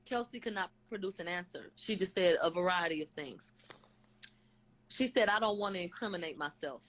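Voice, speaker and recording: A woman's voice: on the low side, normal speed, a bit bright, rough recording. A woman on a live stream casually retelling a court hearing, relaying each question and answer with "they said, she said", frequent fillers and blunt asides. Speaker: channel host recapping a court hearing. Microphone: webcam or phone on a live stream.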